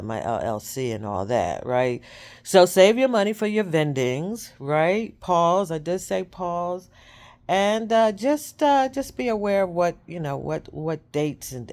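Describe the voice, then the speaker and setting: Rambling chatty woman author. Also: low voice. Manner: rambling, repeats herself, chatty and candid. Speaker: self-published author vlogging. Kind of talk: casual chat to camera.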